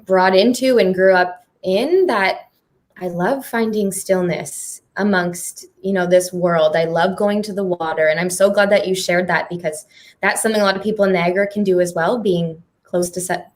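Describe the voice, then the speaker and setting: A woman's voice: fairly low pitch, fairly even intonation, moderate pace. A woman moderating a live panel conversation on stage. She speaks in an earnest, heartfelt way and laughs often. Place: performing arts centre stage.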